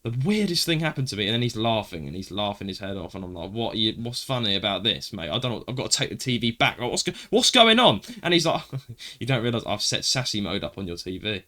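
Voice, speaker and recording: A man co-hosting a casual chat show, telling stories with lots of animation. His voice is bright and forward, and he keeps dropping "mate" as he talks. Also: fairly low pitch, fast talker. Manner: animated storytelling, swearing, says "mate" a lot. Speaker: podcast co-host.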